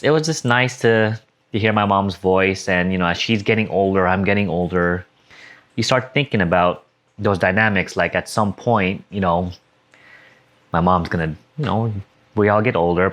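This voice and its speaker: A man's voice: low voice, fairly bright tone. A young man talking casually and emotionally in a personal vlog, rambling and correcting himself as he reflects. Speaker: vlogger.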